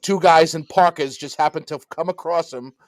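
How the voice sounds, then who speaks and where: A man's voice: on the high side, normal speed, no room sound. A man co-hosting a podcast, talking casually and mocking. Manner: talkative, mocking. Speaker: podcast co-host. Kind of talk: casual chat.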